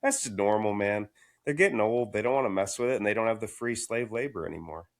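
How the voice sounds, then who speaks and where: A man's voice: fairly low pitch, animated, fast. A young man in a casual podcast chat, laid-back and slangy. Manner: laid-back, slangy, says "dude" and "bro".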